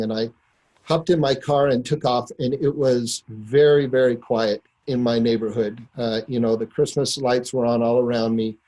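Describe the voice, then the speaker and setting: A middle-aged man recounting a personal story to a listener, earnest and unhurried, with many pauses and fillers. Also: mid-range voice, steady tone, mellow, poor audio. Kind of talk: personal anecdote told to a listener.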